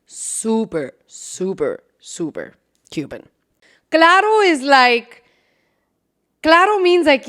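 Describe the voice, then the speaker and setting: Young female podcast host, high lively voice, unhurried, laughs a lot and curses casually. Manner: animated, laughing, swears freely. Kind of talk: casual solo podcast chat.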